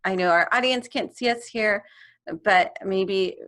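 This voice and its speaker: A woman's voice: medium pitch, measured pace, a bit bright. A young adult woman, a music therapist, chatting animatedly on a video call and laughing often as she talks. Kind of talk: casual interview chat.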